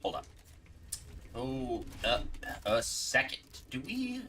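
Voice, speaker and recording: Animated, bright-voiced game streamer. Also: mid-range voice, takes it slowly, pauses often, a little hiss or hum. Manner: animated, playfully exasperated, laughs often. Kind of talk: casual live gameplay commentary.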